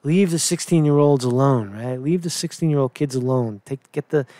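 A man's voice: medium pitch, moderate pace, dark tone, dry recording. A man giving solo political commentary, reading news aloud and reacting indignantly, rambling with frequent "right?" asides and swearing.

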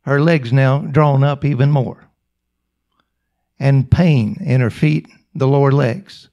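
A male preacher telling a story in a sermon, with slow, emphatic, repetitive phrasing. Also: mid-range voice, mellow, dull audio.

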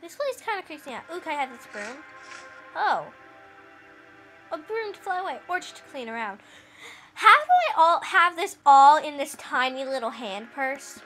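A woman's voice: sits high, very animated, moderate pace, sharp tone, faint music behind, rough recording. A woman chatting playfully through a let's play, with quirky asides while reading the game's lines. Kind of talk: casual gameplay commentary.

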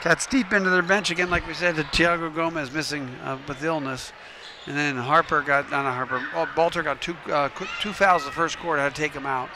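A man doing play-by-play commentary for a high school basketball game. He calls quick plays and adds coaching asides. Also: steady tone. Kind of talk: local sports commentary. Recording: noisy gym ambience. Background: game crowd and ball bounces.

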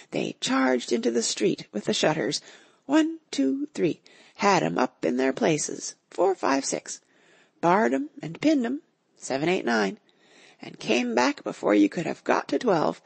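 Gravelly lively woman narrator. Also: mid-range voice, a little slow, no echo. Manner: expressive, lively storytelling. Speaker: audiobook narrator. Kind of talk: scripted narration.

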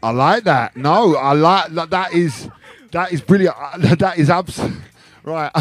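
A man's voice: on the high side, drawn-out words, slightly rough. A man hosting a casual video with friends, playful and laughing often, repeating phrases as he talks. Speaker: DJ and video host.

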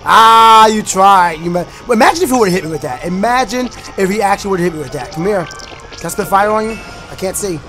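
A young man giving excited, rambling commentary while playing a racing game, shouting at rivals and breaking into freestyle raps. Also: sits high. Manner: animated, bursts into shouts and freestyle rapping, fast rambling asides. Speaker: gaming YouTuber. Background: game music.

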